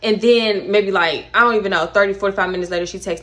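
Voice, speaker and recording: A young woman with a Houston accent telling a casual storytime, animated and swinging between hushed and exclaiming. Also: mid-range voice, fast talker, few pauses. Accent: Houston, Texas. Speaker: storytime vlogger.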